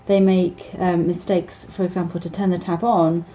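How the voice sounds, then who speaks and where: A woman English teacher talks through casual advice in a relaxed, warm tone. Her voice sits a little low. She stops and restarts often and laughs between thoughts. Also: normal speed, low-quality recording. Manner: hesitant, many ums and restarts, laughs often.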